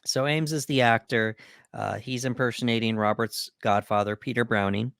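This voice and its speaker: A man's voice: medium pitch, fairly even intonation, moderate pace, gravelly, fairly bright tone, smooth, dry recording, clean studio sound. A man co-hosting a podcast, casually recapping a film's plot from his notes with plenty of fillers. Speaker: podcast co-host. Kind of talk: casual film breakdown chat.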